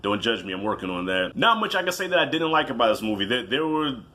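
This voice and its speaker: A man giving a casual, animated movie review, telling it like a story, swearing freely and acting out his own reactions. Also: medium pitch, fast talker.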